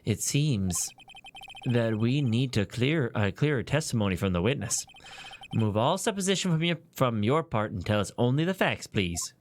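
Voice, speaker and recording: A man voicing a flustered elderly male judge with a slow, hesitant, ponderous delivery. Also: medium pitch, lively intonation, slight background noise, pitched below the performer's own voice, lightly acted.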